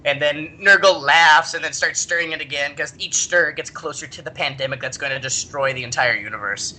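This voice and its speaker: A podcast host telling a story in an animated chat, laughing often. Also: mid-range voice, brisk, slight background noise.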